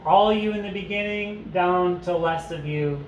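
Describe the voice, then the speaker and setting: A man's voice: sits high, measured pace, dull audio. A man teaching a parent study group in a casual, joking way, reading passages aloud and commenting on them. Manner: conversational, joking asides, reads aloud and comments. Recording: echoey room with faint noise.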